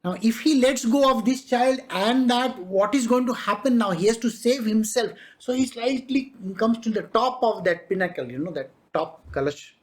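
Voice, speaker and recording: A spiritual master giving a devotional discourse, telling a parable with frequent chuckles. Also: medium pitch. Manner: slow storytelling, chuckling.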